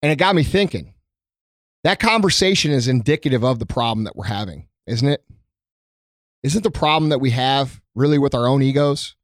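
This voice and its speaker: A man's voice: mid-range voice, animated, moderate pace, dry recording, clean studio sound. Earnest, profane man talking straight. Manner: earnest and emotional, heavy swearing, many ums and restarts. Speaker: small business owner addressing his followers. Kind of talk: unscripted heartfelt monologue. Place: his company premises, indoors.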